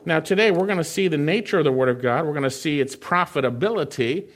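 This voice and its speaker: Preacher man, fairly high voice. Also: lively intonation. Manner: reads scripture slowly, then explains in a conversational way. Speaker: pastor. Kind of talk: sermon.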